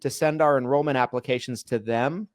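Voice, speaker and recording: Animated man telling stories on a podcast. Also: medium pitch, a little fast, dry recording, studio quality. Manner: animated storyteller, acts out quoted people. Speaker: podcast co-host. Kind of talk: casual podcast chat.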